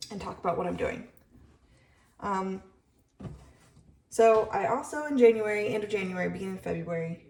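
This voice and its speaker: A woman's voice: mid-range voice, recorded from a distance, slight background noise. A young woman vlogger chatting casually while she cooks at home, rambling with lots of ums as she explains her routine. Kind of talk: casual chat while cooking. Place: home kitchen. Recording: echoey kitchen, voice often off-mic. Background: frying sizzle.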